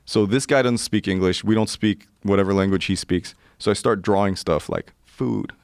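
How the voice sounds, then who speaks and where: A man in his forties telling a story in casual chat, animated and laughing often as he acts out the people in it. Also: fairly low pitch, normal speed, gravelly, no room sound, studio quality. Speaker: podcast guest.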